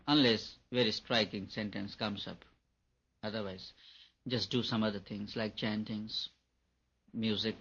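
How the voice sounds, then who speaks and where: Husky man teaching meditation, lo-fi. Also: fairly low pitch. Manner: gentle, repetitive, chuckles often. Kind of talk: spiritual talk to an audience. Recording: dull lo-fi recording.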